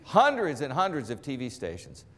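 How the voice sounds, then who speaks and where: This sportscaster, a man in his forties from around Boston, speaks at normal speed with a trained-out Boston accent. He's animated as he tells a motivational career story on stage, performing the quotes of its characters and lowering his voice for asides. A large hall gives the recording a long reverb.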